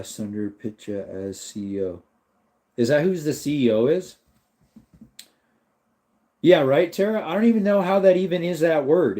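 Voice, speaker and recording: A man hosts a relaxed livestream, rambling as he answers viewers in the chat. His voice sits at a middle pitch. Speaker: livestream host.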